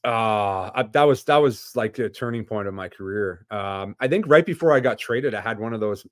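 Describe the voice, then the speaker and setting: A man chats as a podcast guest with a low voice, recorded dry and close. He tells stories loosely, restarting sentences and filling with "like." The talk is casual and unscripted. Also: expressive, moderate pace, dry recording. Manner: storytelling, frequent restarts and "like" fillers. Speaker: podcast guest, former hockey player.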